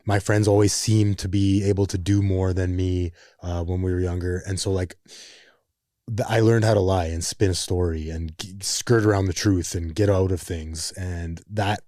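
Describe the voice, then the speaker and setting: A man hosting a podcast interview, speaking in a measured, reflective way about his own past. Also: low-pitched, fairly even intonation, warm tone, dry recording, studio quality. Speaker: podcast host. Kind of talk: interview conversation.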